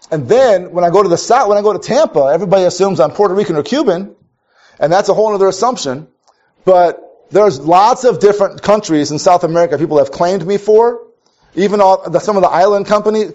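On a dull lo-fi recording, a high-pitched, slightly mellow male voice speaks a little fast. The Minnesota preacher's sermon is conversational, with wry storytelling and frequent restarts.

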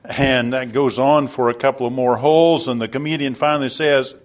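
A man preaching a sermon and retelling a story in a slow, deliberate way, on a dull lo-fi recording. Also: medium pitch, fairly even intonation.

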